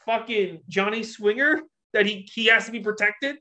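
A co-host rants in casual chat, blunt and mocking, swearing often. The voice is bright and edged, at a middling pitch. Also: moderate pace. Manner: blunt, mocking, profane ranting. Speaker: podcast co-host. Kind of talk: casual wrestling talk chat.

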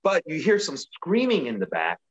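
A man co-hosting a casual podcast, recapping a show with animated, profane commentary. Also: fairly high pitch, normal speed, lo-fi sound. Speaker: podcast co-host. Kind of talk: casual wrestling recap chat.

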